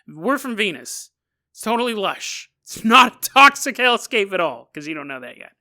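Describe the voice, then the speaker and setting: A man's voice: high-pitched, big pitch swings, moderate pace, sharp tone, exaggerated voice. A man voicing a smug male alien from Venus who delivers threats in a breezy, offhand way.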